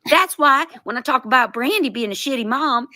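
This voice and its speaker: A woman's voice: high-pitched, expressive, a little fast, bright, forceful tone, no echo, studio quality. A woman doing a comedic impression of a foul-mouthed, defensive woman streamer who rants and curses. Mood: aggrieved. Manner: ranting, cursing, mocking.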